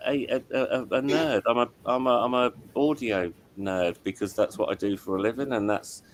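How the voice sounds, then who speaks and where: A man's voice: medium pitch, normal speed, slight background noise. A middle-aged man, hosting a casual chat as an audio engineer, rambling and apologetic with many restarts. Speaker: show host and audio engineer.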